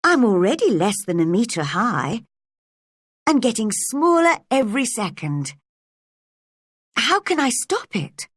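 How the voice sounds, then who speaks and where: Woman playing a fretful little girl, lively wondering voice, breathy, storybook. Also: medium pitch, a little slow, few pauses, dry recording, studio quality. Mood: worried.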